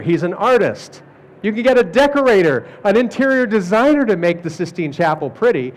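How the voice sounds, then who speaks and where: Middle-aged male presenter, fairly high voice, jokey lecture delivery that slips into voices for quotes. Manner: animated, jokey, acts out quoted people. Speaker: speaker at an art fair talk.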